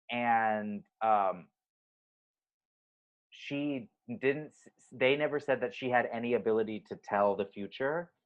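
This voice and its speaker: A man with a lowish voice co-hosting a casual podcast chat, rambling through stories with plenty of ums and likes. The recording sounds a little dull and muffled. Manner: chatty storytelling with many fillers. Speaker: podcast co-host.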